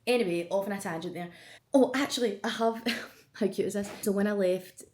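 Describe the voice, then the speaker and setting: This vlogger is a Scottish woman in her 20s doing a casual, emotional get-to-know-me chat with plenty of swearing. She talks briskly in a medium-pitched, slightly mellow voice.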